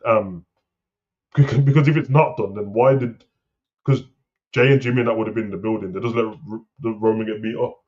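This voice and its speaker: A man co-hosting a wrestling talk show, rambling and animated in casual slang. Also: fairly low pitch, brisk. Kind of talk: casual chat. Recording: slightly dull lo-fi sound.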